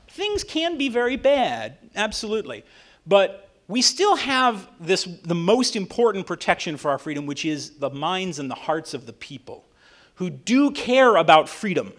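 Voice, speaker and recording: A man giving a lively speech to a dinner audience. His voice sits high and swings widely in pitch, and he keeps checking in with the crowd by asking "right?". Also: measured pace. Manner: animated, often asks "right?". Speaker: attorney and author giving a talk.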